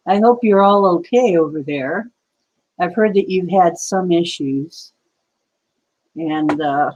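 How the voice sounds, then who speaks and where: An American woman hosts a casual livestream, rambling and replying to viewers' chat comments with conspiratorial asides. Her voice is fairly low and a little mellow, and the recording quality is poor.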